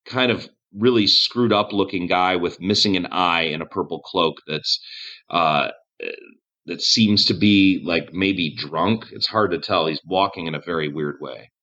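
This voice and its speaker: Game master, male, very low voice, dull lo-fi recording, loose and profane. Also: unhurried, bright, forceful tone. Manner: casual, swearing, laughs often. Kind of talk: narrating a tabletop game.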